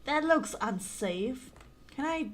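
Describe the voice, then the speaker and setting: A woman's voice: sits high, expressive, takes it slowly, slight background noise. A woman from Germany with a German accent, streaming a game with playful, giggly commentary and frequent swearing. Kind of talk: casual gaming commentary.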